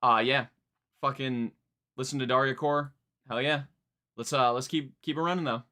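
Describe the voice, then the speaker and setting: Bright-voiced young man streaming reactions. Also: mid-range voice, moderate pace. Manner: rambling, excitable, swears freely. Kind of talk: casual live-stream commentary. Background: faint music playing.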